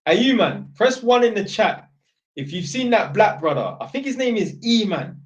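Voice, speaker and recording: A man's voice: high voice, big pitch swings, moderate pace. Blunt rambling man. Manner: rambling, blunt, swears a lot. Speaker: streamer. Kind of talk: live-stream chat. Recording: dull lo-fi sound.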